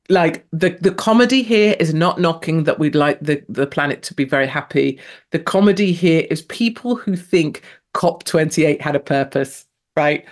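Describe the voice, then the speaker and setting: A woman in her fifties from England, hosting a show with brash, sarcastic, mocking solo commentary. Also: sits low. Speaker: host.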